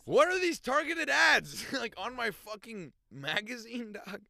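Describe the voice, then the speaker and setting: Animated young man telling a story. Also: extremely high pitch, measured pace, creaky, no room sound, clean studio sound. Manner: animated, acts out voices in anecdotes, laughs a lot. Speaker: podcast host. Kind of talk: casual storytelling chat.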